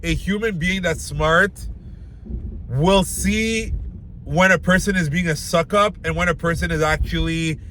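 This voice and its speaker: Young male vlogger, slightly high voice, blunt and casual, lots of fillers, faint noise behind. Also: unhurried, bright, forceful tone. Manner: loose and blunt, heavy filler words, talks straight to the viewer. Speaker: dating advice host. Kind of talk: casual advice talk to camera.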